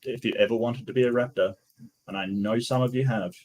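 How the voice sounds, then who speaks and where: A man's voice: mid-range voice, fairly even intonation, a little fast, darkish tone. A man guesting on a casual stream, speaking emphatically, with frequent fillers and self-corrections. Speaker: guest co-host. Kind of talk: casual reaction-stream chat.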